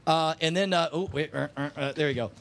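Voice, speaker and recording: Give me a man with a slightly high voice, casually retelling a family story on a podcast. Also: fairly quick, creaky. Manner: animated, laughing, retelling a story with rising excitement.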